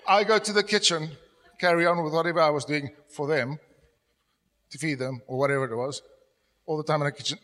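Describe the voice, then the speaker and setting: Middle-aged male pastor in a reverberant hall. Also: fairly high pitch. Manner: storytelling, drops to a soft confessional tone when quoting himself. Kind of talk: sermon. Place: church hall. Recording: long church hall reverb.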